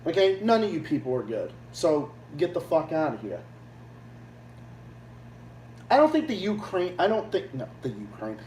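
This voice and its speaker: A man's voice: on the high side, big pitch swings, moderate pace, long pauses, a little mellow. A man from Massachusetts hosting a livestream, ranting in a heated, profane and blunt way. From Massachusetts, USA. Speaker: livestream host. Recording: echoey room, distant mic, faint hum.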